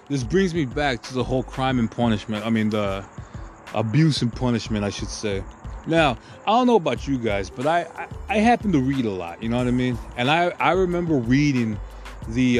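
In a medium-pitched, darkish voice, a man hosting a podcast launches into a crude, heated rant. The monologue rambles, full of filler words and swearing.

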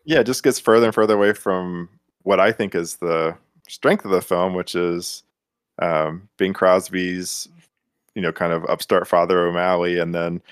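A man's voice: low voice, flat delivery, normal speed, clear, resonant tone, no echo, studio quality. A man guest on a film podcast, talking in a rambling way with many fillers and acting out characters' lines. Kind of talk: casual movie discussion.

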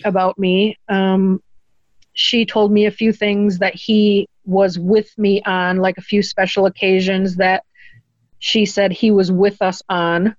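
An earnest woman recounts a deeply personal story as an interview guest. She talks through tears at moments and lifts her voice to quote others. The sound is close and dry, slightly dull. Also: a little mellow, no echo. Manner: earnest, tearful at moments, quoting others in a lifted voice.

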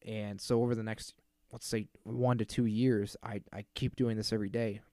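A man's voice: fairly low pitch, flat delivery, moderate pace, mellow, dry recording, studio quality. A man in his thirties hosting a casual solo podcast, ranting in an exasperated, profane way and mocking the people he quotes. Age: 30s. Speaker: podcast host.

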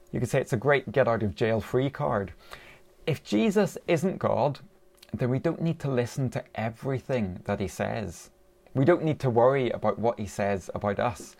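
A man's voice: mid-range voice, creaky, darkish tone. A man preaching a sermon in a conversational way, asking his listeners rhetorical questions.

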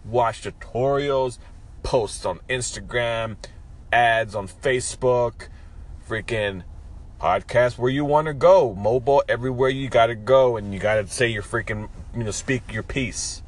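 A man's voice: medium pitch, unhurried. A man hosting his own podcast, with a froggy morning voice, giving a joking, profane morning pep talk. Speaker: podcast host.

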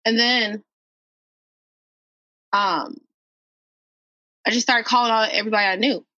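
A woman's voice: a little high, steady tone, measured pace, bright, forceful tone, no room sound. A woman from Minnesota, a guest on a podcast, telling a personal story in an earnest way and repeating phrases for emphasis. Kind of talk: emotional personal account. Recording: dull, dry podcast audio.

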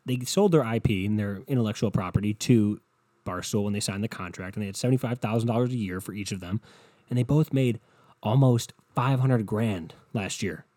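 Young dude ranting on his podcast, cussing a lot, lowish voice, dry close sound. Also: a little fast, warm tone, dry recording. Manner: profane, blunt, rambling. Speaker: podcast host. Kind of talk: solo podcast rant.

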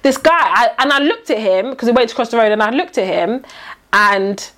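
A woman's voice: on the high side, normal speed. A young woman, casually telling a story and acting out the voices of the people in it. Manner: animated storyteller, acts out quoted lines, British slang.

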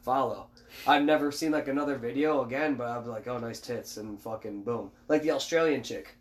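A young man co-hosting a podcast in crude casual chat, joking loudly and swearing a lot. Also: mid-range voice, fairly quick. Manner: loud, jokey, swears a lot, shouts and laughs. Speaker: podcast co-host.

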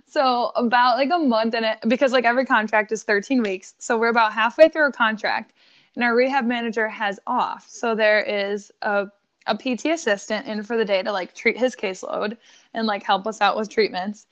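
A woman from Buffalo, New York, telling a story in casual podcast chat, animated and swearing, laughing often. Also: fairly high pitch, fairly quick, lo-fi sound.

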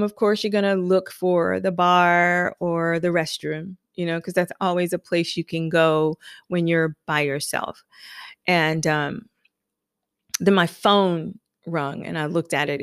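A woman telling a personal story in a lively, conversational way, then leading into spoken affirmations as a motivational speaker. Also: on the low side, smooth, dry recording, studio quality. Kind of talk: personal anecdote and motivational talk.

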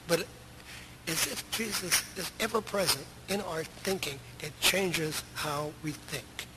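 A middle-aged American pastor preaches a sermon in his church sanctuary, speaking slowly and conversationally while piling up rhetorical questions for the congregation. His voice is a little high for a man, and a loud, heavy, steady noise runs beneath the entire recording.

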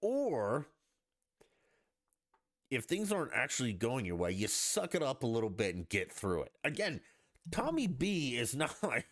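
A man's voice: medium pitch, huge pitch swings, unhurried, pauses often, dry recording, studio quality. A man hosting a podcast, ranting in a blunt, profane and mocking way in a casual monologue. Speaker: podcast host.

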